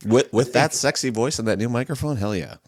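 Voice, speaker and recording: A man's voice: mid-range voice, brisk, a little mellow, no room sound, studio quality. A man co-hosting a podcast in casual chat, teasing and joking. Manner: teasing, jokey. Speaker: podcast co-host.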